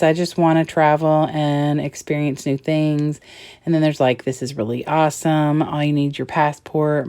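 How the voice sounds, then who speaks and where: A woman's voice: deep voice, mellow, no echo. A woman hosting a scrapbooking vlog, chatting casually about her layout with lots of ums and likes. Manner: chatty, rambling with many fillers. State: getting teary near the end. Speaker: scrapbooking channel host. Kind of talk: casual crafting vlog narration.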